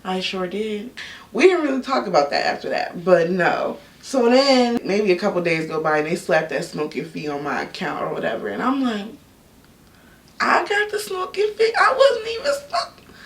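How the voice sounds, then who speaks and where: A young woman telling a personal story in a casual, candid vlog, full of slang and animated asides. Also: on the low side, moderate pace. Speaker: YouTube storyteller. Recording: echoey room, a bit off-mic.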